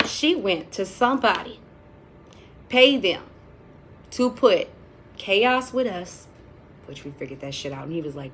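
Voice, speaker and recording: A woman talks straight to camera in a relaxed storytime vlog, blunt and profane, with dramatic asides. Her voice sits in a middle register. A faint hum of background noise runs under the recording. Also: medium pitch, measured pace, pauses often.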